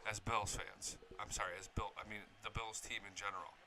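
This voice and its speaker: A young man reacting to game highlights as an excitable fan, swearing freely and yelling at the big moments. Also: brisk. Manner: excitable, profane, shouts at big plays. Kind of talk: casual fan reaction commentary.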